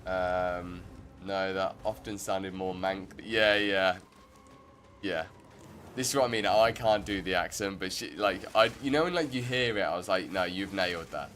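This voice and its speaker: Low-voiced man streaming a game. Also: measured pace, a bit bright, slight background noise. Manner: rambling, self-interrupting, chatty. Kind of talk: casual gameplay commentary.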